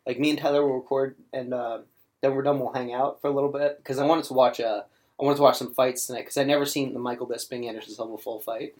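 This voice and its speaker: A man's voice: mid-range voice, little pitch movement, fast talker, a little mellow. A young man in casual podcast chat, blunt and swearing freely as he tells a story.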